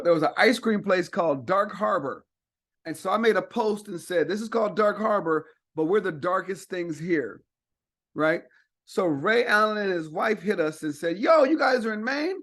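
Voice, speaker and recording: A man with a notably high voice tells a story in casual talk. He is animated and profane and acts out the voices of the people in his story. He speaks as a comedian guest.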